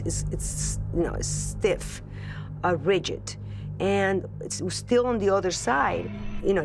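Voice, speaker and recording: Woman, lowish voice, earnest personal storyteller, halting and repetitive, music score underneath. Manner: earnest, searching for words, repeats phrases. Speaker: celebrity guest telling a ghost story. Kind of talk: emotional personal storytelling to camera.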